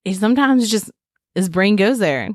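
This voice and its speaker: A woman co-host chatting casually on a podcast, wandering off on tangents and breaking into laughter. Her voice sits at a middling pitch. The sound is close and dry, with no room around it. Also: lively intonation, moderate pace, no echo. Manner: laughs often, rambling tangents. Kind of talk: casual chat.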